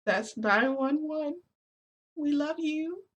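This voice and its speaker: A gentle grown man from a story game, pleading tenderly with a lost child, the voice pushed high and soft, put on by a vlogger. It rises well above the speaker's natural pitch and sounds thin and gentle. The delivery is slow and careful.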